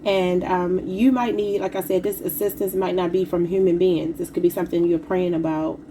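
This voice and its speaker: A woman's voice: lowish voice, steady tone, normal speed, noisy background. A woman giving a casual tarot reading, talking informally to her viewers and calling them y'all. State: slightly sick and emotional. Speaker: tarot reader.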